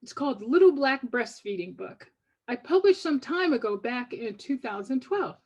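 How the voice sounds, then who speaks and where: Older woman author sharing her writing with listeners; a measured, devout, reflective read, slightly high-pitched, recorded on muffled audio. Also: very animated. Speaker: poet and author. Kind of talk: reading from her book to an audience.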